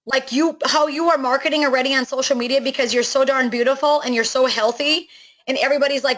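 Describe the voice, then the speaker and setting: A middle-aged woman with a high voice walks a prospect through a network marketing plan. She talks enthusiastically and casually, with frequent fillers and self-corrections. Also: steady tone, quick pace, fairly bright tone, poor audio. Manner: enthusiastic, chatty, many fillers and restarts. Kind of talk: sales pitch on a call.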